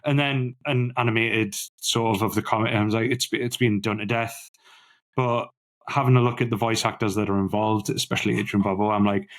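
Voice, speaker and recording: Dude on a movie podcast, lowish voice, gets excited and repeats himself. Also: male voice, a little fast. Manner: enthusiastic, repeats words when excited. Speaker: podcast co-host. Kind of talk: casual film-review chat.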